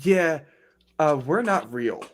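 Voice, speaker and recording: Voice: medium pitch, animated, slow pace. Blunt, foul-mouthed tabletop player. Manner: blunt, swearing, joking. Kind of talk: casual tabletop play.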